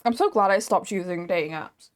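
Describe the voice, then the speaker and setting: A young adult woman streamer in casual chat, animated, swearing freely and laughing often. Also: medium pitch, brisk.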